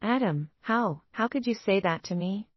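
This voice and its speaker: A woman's voice: medium pitch, expressive, moderate pace, no room sound, dull audio, lightly acted. A woman voicing a wounded young wife and secretary who pleads with her husband. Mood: pleading.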